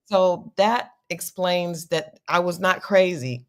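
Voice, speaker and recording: Low-voiced woman chatting in a recap. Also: takes it slowly. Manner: chatty, with restarts and giggles. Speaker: co-host. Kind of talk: casual reality-show recap chat.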